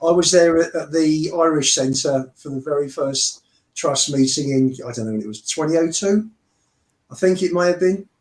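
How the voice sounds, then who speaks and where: A man's voice: fairly high pitch, normal speed, darkish tone, echoey room. A man guesting on a fan show, reminiscing and stumbling over his words. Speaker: guest who arranged the show. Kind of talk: casual fan chat.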